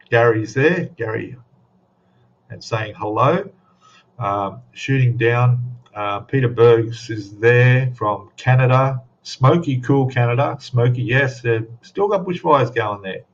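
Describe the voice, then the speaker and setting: Aussie bloke hosting a live stream, chatting with viewers, kinda low voice, muffled webcam mic. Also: male voice. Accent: Australian. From Australia. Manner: rambling, friendly greetings to chat viewers. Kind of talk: casual live stream chat. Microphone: webcam microphone.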